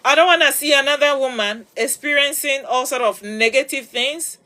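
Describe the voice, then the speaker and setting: A woman with a high, bright voice speaks straight to her followers as a livestream host. She lectures in an emphatic, preachy way and hammers her points by repeating words. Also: normal speed. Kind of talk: advice talk to followers.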